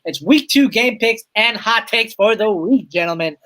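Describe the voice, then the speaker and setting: A man's voice: sits high, expressive, normal speed, fairly bright tone, no echo, rough recording. A man hosting a casual sports podcast, upbeat and joking as he hands topics to his co-hosts. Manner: upbeat, joking, steering the talk between guests. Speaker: podcast host.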